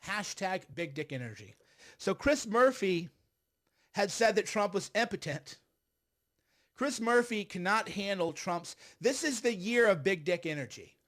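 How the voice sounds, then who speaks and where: A man giving political commentary on a livestream, talking in a heated, rambling and sarcastic way. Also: high-pitched. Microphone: streaming setup.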